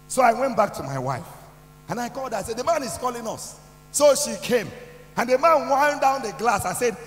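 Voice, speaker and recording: A middle-aged Nigerian man giving a motivational testimony at a youth conference, in a preachy way that builds to shouting. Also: very high voice, animated, brisk, slight background noise. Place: large hall. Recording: echoey hall with soft music.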